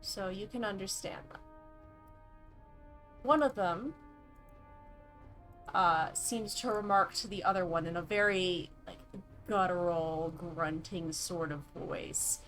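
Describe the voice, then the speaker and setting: A woman running a tabletop game as dungeon master, describing scenes unhurriedly with a few fillers. She speaks slowly at a middling pitch, with faint music in the background. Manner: relaxed, hesitant descriptions with fillers.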